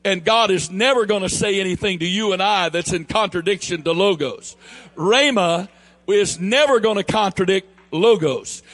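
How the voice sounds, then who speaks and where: A man with a Southern US accent preaching a sermon, emphatic and building to near shouts, then easing into quieter storytelling. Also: sits high, gravelly. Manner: emphatic, rising to near shouts on key phrases; drops into a quieter storytelling tone for anecdotes.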